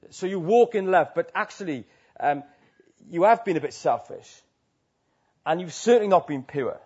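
A man's voice: on the high side, animated, normal speed, darkish tone, slightly rough, highs cut off. A man from Wales with a Welsh accent preaching a sermon to a church, talking conversationally with many tag questions.

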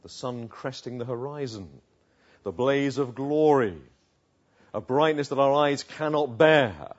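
Man, preacher, sermon, husky, hushed to emphatic, muffled recording. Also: medium pitch, expressive, measured pace. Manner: dramatic swings between hushed and emphatic. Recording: dull lo-fi recording.

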